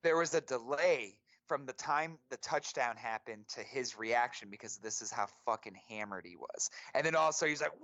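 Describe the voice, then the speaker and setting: A young man co-hosting a podcast, telling a story in an animated, profane way full of fillers. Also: medium pitch, normal speed, no room sound, highs cut off. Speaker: podcast co-host. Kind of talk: casual storytelling.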